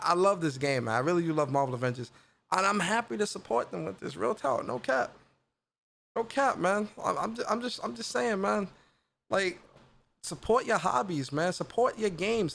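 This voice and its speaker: A man with a notably high-pitched voice talks through a game reveal in loose, slangy commentary. He gets excited and circles back on his own phrases again and again, like a gaming channel host chatting with viewers. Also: creaky. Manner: slangy, excited, repeats himself. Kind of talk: casual reaction commentary.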